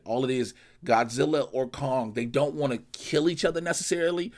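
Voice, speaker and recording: A man talks through a movie in a loose, animated review, full of slang and swearing. His voice sits at an ordinary middle pitch. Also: fairly quick. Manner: animated, profane, slangy storytelling. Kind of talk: casual spoken review.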